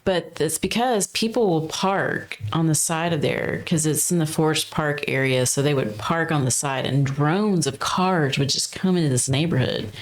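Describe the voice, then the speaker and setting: Animated woman in her forties. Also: low voice, normal speed, few pauses. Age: 40s. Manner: animated storyteller, frequent restarts and asides. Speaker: podcast co-host. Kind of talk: casual chat.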